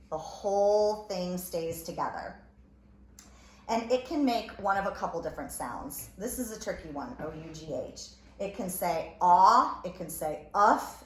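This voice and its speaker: A woman's voice: fairly low pitch, darkish tone. A woman teacher giving a recorded phonics lesson, sounding out letters and word parts one at a time. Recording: echoey room with faint ambient noise.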